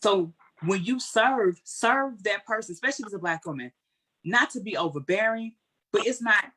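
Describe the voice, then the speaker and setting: Over slight background noise, a woman with a medium-pitched voice speaks at a moderate pace as a guest. Answering an interview question, she's earnest and colloquial, candidly telling animated stories from the heart.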